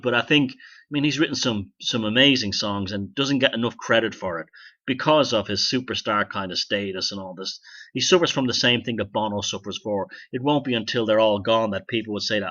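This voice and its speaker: Male podcast host, sharp-toned, rambling sardonic monologue, lo-fi sound. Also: mid-range voice, fairly quick. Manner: rambling, sardonic, swears casually.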